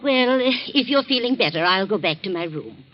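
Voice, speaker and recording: An actress playing a concerned middle-aged housekeeper, speaking in a calm, soothing and slightly hesitant way in a 1940s radio drama. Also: female voice, medium pitch, brisk, lightly acted. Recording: dull old radio recording.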